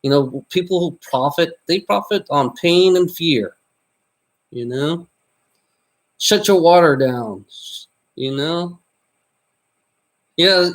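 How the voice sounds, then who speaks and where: A man vlogging in a rambling monologue, repeating himself, swearing and tagging nearly every line with "you know?". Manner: voice jumps high on exclamations.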